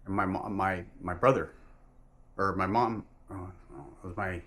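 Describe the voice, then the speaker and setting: A man with a somewhat low voice recounts his religious testimony. He speaks earnestly and emphatically, but in a halting way, stopping mid-phrase and correcting himself often. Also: steady tone, a bit bright. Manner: halting, with frequent restarts and self-corrections. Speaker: person giving a religious testimony. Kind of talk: personal testimony storytelling.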